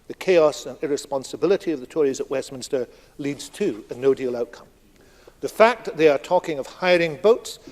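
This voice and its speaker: A man's voice: on the high side, darkish tone. A man, a cabinet secretary, giving a formal speech in parliament, emphatic and combative, using rhetorical repetition. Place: large parliamentary debating chamber. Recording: long reverb of a debating chamber.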